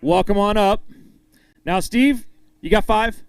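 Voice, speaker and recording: High-voiced upbeat weigh-in emcee, a man. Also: slow pace, gravelly, clean tone, no room sound. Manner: upbeat, hypes each angler and jokes with them. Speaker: tournament emcee. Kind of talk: live weigh-in announcing.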